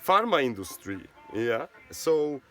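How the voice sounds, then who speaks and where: A man's voice: mid-range voice, sing-song, takes it slowly, a bit bright, faint music behind. A man from Switzerland, a native Swiss German speaker, talking in English with a Swiss German accent. His monologue rambles, and he keeps tagging his sentences with "you know" and "right?".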